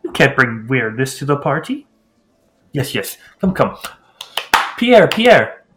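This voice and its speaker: Guy doing a snooty noble lord, slow fancy drawl, voice all over the place. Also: medium pitch, big pitch swings, noisy background. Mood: pompous. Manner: drawn-out, theatrical, affected aristocratic drawl. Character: pompous fussy male noble lord, host.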